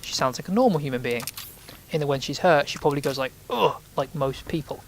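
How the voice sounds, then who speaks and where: A man's voice: medium pitch, quick pace, a little hiss or hum, low-quality recording. A man giving casual let's play commentary, chatty and reacting aloud with sudden exclamations as he plays.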